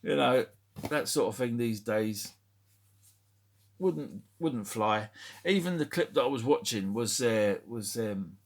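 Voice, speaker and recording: A man's voice: medium pitch, expressive, slow. A man chatting casually as a toy collector vlogger, rambling and swearing freely as he talks. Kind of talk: casual show-and-tell vlog.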